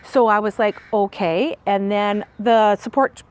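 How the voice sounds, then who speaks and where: A woman's voice: medium pitch, fairly even intonation, a little slow, a little mellow, clean tone. A mother being interviewed for a documentary, talking through her son's schooling and getting emotional as she recalls it. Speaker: parent of a student.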